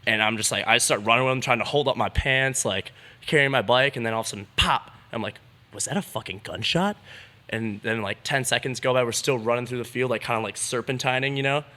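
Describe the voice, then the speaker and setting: A man's voice: mid-range voice, steady tone, quick pace, bright, forceful tone. A young man, a BMX rider, telling a story as a podcast guest in a laid-back way, swearing freely and filling with "like". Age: young adult. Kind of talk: casual storytelling.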